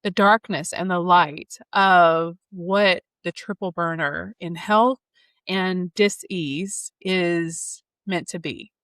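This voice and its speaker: An astrologer and podcast host in her thirties gives an astrology reading, chatting casually and enthusiastically in a flowing style steeped in spiritual vocabulary. She takes it slowly, her fairly low, fairly bright voice holding a fairly even intonation, and there's no room sound.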